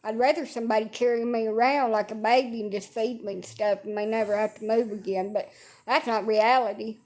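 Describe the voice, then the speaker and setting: Speaking a little fast, this woman has a high-leaning, steady and slightly mellow voice. She's livestreaming casual, rambling talk from her bed at home, sarcastic, blunt and profane.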